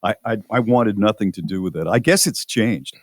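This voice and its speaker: Low-voiced middle-aged radio host. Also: male voice, moderate pace, no echo, studio quality. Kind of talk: casual radio chat.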